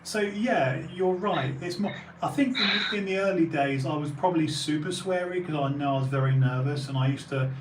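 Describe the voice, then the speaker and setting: British man, auction house owner, podcast talk full of fillers and restarts; slightly raised pitch, recorded distant in a reverberant room. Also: brisk, noisy background. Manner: rambling, full of fillers and restarts, bursts of emphasis. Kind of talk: casual podcast conversation.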